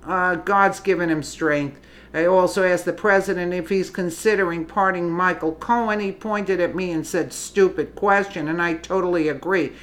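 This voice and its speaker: A woman's voice: lowish voice, moderate pace. A woman giving opinionated political commentary, indignant and emphatic, often restarting her sentences.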